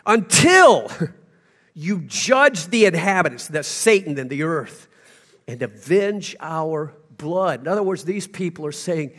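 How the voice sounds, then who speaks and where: A man preaching a sermon to his congregation. He tells a story and then swings from hushed, slow passages to loud, emphatic ones. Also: on the high side, animated. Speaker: pastor.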